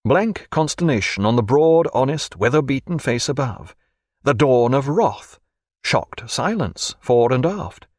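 A man reading a historical sea novel aloud as narrator, with an expressive storytelling delivery. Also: medium pitch, a little slow, dry recording, clean studio sound. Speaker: audiobook narrator. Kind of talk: scripted narration.

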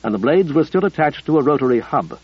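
A man narrating an audiobook in a measured, even storytelling manner. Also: fairly high pitch, slightly rough, no echo, dull audio.

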